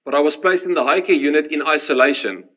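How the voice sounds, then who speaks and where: A man delivers a sermon through his own story. His voice sits fairly high. He gets animated at the dramatic moments and drops to a hush when he turns reflective. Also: fast talker. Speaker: preacher. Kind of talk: sermon with personal testimony.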